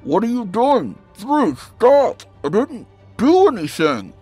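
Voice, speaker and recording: A man voicing a frightened young male captive who pleads in a high, strained voice. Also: slow pace, husky, no echo, soft background music. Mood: screaming.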